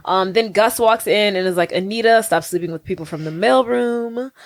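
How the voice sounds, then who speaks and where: A woman's voice: medium pitch, moderate pace. A young woman in her twenties co-hosting a casual podcast, telling stories with lots of laughter. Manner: giggly, animated storytelling. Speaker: podcast co-host. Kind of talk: casual chat.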